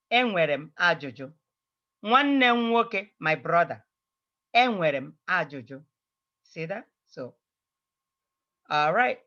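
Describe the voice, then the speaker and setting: Woman language teacher, bright tone, patient drilling of phrases, dull lo-fi recording. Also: lowish voice. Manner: drills phrases, repeating each several times. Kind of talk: slow, repetitive language lesson.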